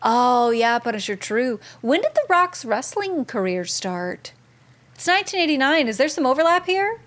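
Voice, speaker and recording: Chatty high-voiced woman streamer. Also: moderate pace. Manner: chatty, reads chat aloud, excitable. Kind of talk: live gameplay commentary.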